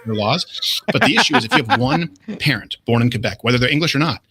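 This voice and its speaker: A man from Canada, a guest on a talk show, speaking in a quick, emphatic and punchy way. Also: medium pitch, big pitch swings, creaky, sharp tone. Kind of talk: podcast conversation.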